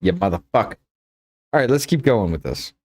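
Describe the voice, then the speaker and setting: Blunt, profane man with a lively voice. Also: on the low side, brisk. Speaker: podcast co-host. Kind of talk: casual chat over a voice call.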